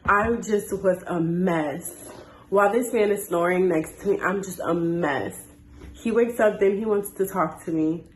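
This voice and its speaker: A woman in her twenties telling a story on a casual story time chat, animated and jumping high when she quotes people. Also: measured pace, echoey room, slight background noise, rough recording. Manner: animated, jumps to high voices when quoting.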